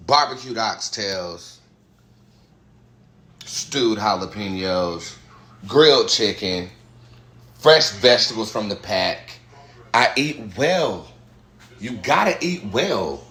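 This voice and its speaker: A man's voice: on the low side, animated, takes it slowly, long pauses, bright, forceful tone, slightly rough. A man vlogging in his home kitchen, talking loosely and swearing as he walks through his cooking, with a put-on Southern twang. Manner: loose, chatty, exclaims over food, swears freely. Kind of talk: casual cooking vlog.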